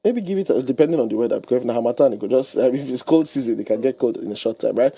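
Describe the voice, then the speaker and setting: A man, giving lively advice as a guest on a radio talk show, explaining with everyday examples and laughing often. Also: mid-range voice, rapid-fire, husky, no echo. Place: radio studio.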